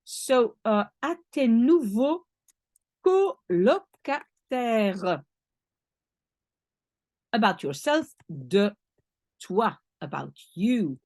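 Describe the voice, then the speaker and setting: Slow, lively-voiced woman teaching French. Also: mid-range voice, husky, no room sound, studio quality. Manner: explains patiently step by step, spelling out French words. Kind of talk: language lesson.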